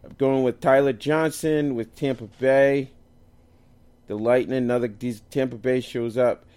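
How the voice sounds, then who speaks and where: A man's voice: medium pitch, fairly even intonation, measured pace, a little mellow, smooth. A man co-hosting a casual sports chat, loose and jokey, tripping over hard names as he lists his picks. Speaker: co-host picking fantasy lineups.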